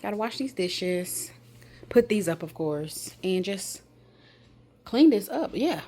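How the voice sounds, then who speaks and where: A woman's voice: mid-range voice, lively intonation, slow, dark tone, a little hiss or hum. A woman talking casually to a phone camera at home in a rambling day-in-the-life vlog, with exasperated asides. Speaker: vlogger.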